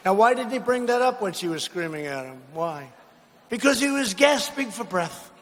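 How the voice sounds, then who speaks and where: A man giving a rally speech in a large arena, mocking and repeating himself and shouting lines to the crowd. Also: sits high, big pitch swings, moderate pace. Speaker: political speaker at a rally. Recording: long arena reverb, faint noise.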